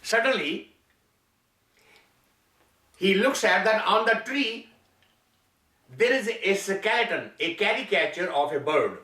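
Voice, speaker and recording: High, bright man telling a spiritual story. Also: expressive. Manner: slow, deliberate storytelling with long pauses. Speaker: spiritual teacher. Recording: echoey room from far off.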